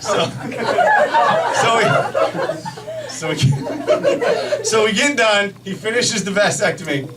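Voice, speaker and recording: A man's voice: high voice, takes it slowly, long pauses, over a noisy crowd, very noisy. A man performing live stand-up comedy, telling a story animatedly, with frequent restarts. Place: comedy club stage. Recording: distant mic, loud audience laughter.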